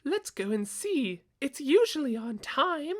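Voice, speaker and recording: A man voicing a flighty, gossipy village woman in a high, excitable falsetto. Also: a little slow, full character voice.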